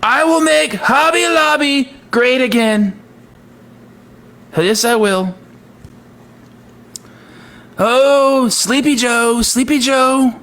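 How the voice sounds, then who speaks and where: A man's voice: very high voice, very slow, pauses often, fairly bright tone, voice pushed up, full character voice. A man doing a boastful politician impression. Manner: bragging, repetitive superlatives.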